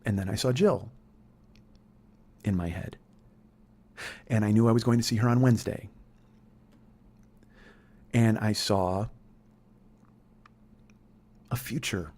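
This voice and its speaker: A man's voice: mid-range voice, normal speed, pauses often, dark tone, husky. A man in his forties hosting a comedy podcast, telling a personal story in an intense, profane, rambling monologue. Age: 40s.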